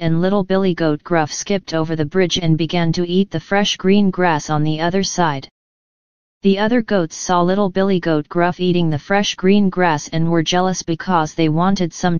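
A woman telling a children's story in a careful, clear reading for learners. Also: fairly low pitch, darkish tone, no room sound, muffled recording. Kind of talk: scripted storybook narration.

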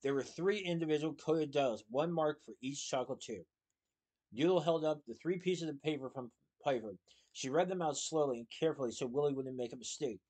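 A man reading a children's novel aloud in a plain, steady storytelling manner. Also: fairly high pitch, fairly quick. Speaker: reader.

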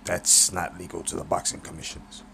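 A man voicing an older male boxing trainer who is gruff, blunt and teasing. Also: low voice, completely flat delivery, moderate pace, background noise.

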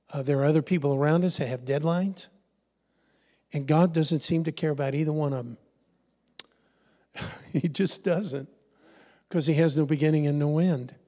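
A middle-aged male pastor preaching with lively energy, calling on the congregation to answer him. His voice sits a little high for a man. It rings out through a church hall with a long reverb tail. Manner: animated, leads call-and-response with the congregation. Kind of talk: sermon. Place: church sanctuary.

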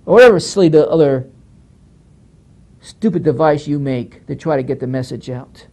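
A man's voice: fairly high pitch, moderate pace, warm tone. A male pastor giving a Bible teaching lecture, emphatic and scolding, who often repeats phrases as he works through the text.

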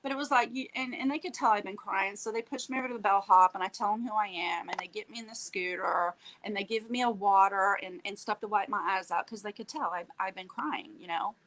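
A woman's voice: medium pitch, fairly quick, few pauses, slight background noise, rough recording. A woman telling a personal story with feeling, acting out the dialogue and often checking in with "okay?". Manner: animated, acts out quoted dialogue, tags lines with "okay?". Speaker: guest telling her story.

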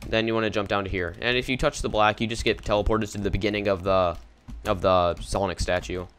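A man's voice: lowish voice, steady tone, a little fast, fairly bright tone, a little hiss or hum. A young man casually talking through a game walkthrough in a rambling, offhand way. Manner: rambling, casual, easily confused. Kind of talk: casual gameplay commentary.

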